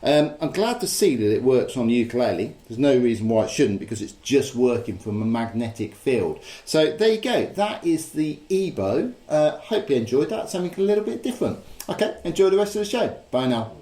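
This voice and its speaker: A man's voice: medium pitch, big pitch swings, a little fast, hardly any pauses, mellow. A man casually demonstrating a guitar gadget, rambling with lots of fillers. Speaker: presenter demonstrating guitar gear. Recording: echoey room.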